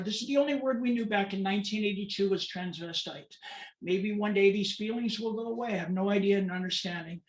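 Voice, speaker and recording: A woman's voice: medium pitch, reverberant, poor audio. A woman, telling her personal story as a guest speaker in an emphatic, repetitive way. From Southern California, USA. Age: 50s.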